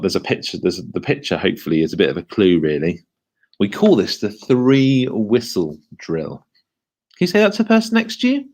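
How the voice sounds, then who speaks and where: A man leading a school assembly for children, speaking in a lively, questioning way and slowing down to stress key words. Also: lowish voice.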